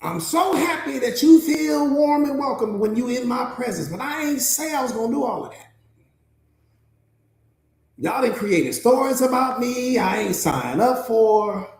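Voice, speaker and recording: A man's voice: very high-pitched, lively intonation, unhurried, gravelly, echoey room, full character voice. A man voicing a stressed, indignant male guard dog who complains with sass about what he never agreed to do. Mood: sassy. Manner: complaining, sassy and fed up.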